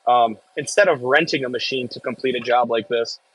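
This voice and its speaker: Here a medium-pitched, fairly bright male voice moves fairly quickly, captured with poor audio and no echo. He's a Midwestern farm worker live-streaming from an excavator, chatting loosely and reading viewer comments with joking side remarks.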